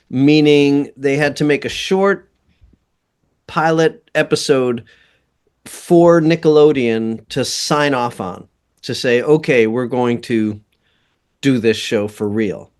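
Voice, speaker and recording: Male guest for a casual interview, unhurried and rambling, with a smooth, clear tone. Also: medium pitch. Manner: slow, rambling, laughs often. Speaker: guest composer and voice actor.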